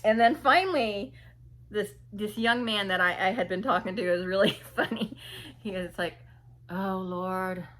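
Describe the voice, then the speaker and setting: Wanita bercerita dengan suara cerah dan hidup. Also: female voice, medium pitch, moderate pace. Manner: animated, mimics people, laughs often. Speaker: vlogger. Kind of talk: casual storytelling.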